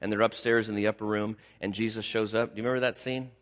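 A man's voice: on the low side, flat delivery, fast talker. A man preaching a sermon as pastor. He talks conversationally, repeats key words for emphasis, and asks his congregation questions. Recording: long hall reverb.

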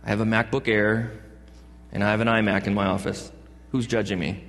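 A man's voice: lowish voice, little pitch movement, a little fast, a bit bright. A man preaching a sermon as a pastor, with playful asides and jokes. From California. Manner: joking asides and playful put-on voices. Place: church sanctuary. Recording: long church hall reverb.

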